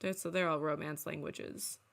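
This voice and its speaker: A woman's voice: low voice, steady tone, normal speed, vocal fry, a bit bright. A woman playing a life coach in casual comedic chat, earnest and encouraging.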